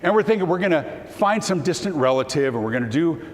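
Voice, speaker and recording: Emotional keynote speaker in a hall. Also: male voice, on the high side, quick pace. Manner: emotional, voice breaking at times; animated storyteller, acts out dialogue. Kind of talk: storytelling keynote talk. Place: conference hall. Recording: hall reverb, faint room noise.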